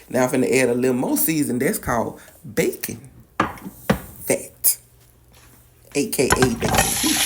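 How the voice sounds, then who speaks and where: A woman's voice: low voice, background noise. A woman with a Louisiana accent, chatting sassily while demonstrating a recipe in a home kitchen. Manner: sassy, chatty, coaxing. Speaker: home cook. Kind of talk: cooking demonstration. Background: faint sizzling pan.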